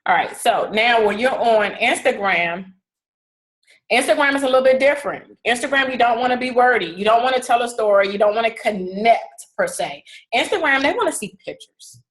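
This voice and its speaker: A woman's voice: a little high, lively intonation, normal speed, a bit bright, rough recording. A woman coaching her team in a casual, direct way, often stopping to ask "okay?". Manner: casual, direct, repeats "okay?" to check understanding. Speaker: fitness business team leader.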